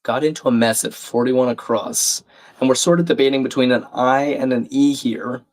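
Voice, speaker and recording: A man with a croaky, slightly sick voice, hosting a live crossword stream in a chatty, casual way and reading viewer comments aloud. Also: mid-range voice, steady tone, moderate pace. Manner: chatty, reads chat aloud, self-deprecating. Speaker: livestream crossword host.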